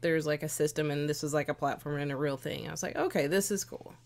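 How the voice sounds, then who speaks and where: A woman, the host's wife, talking casually and telling a relaxed story with light teasing. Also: sits low, quick pace. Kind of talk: casual chat.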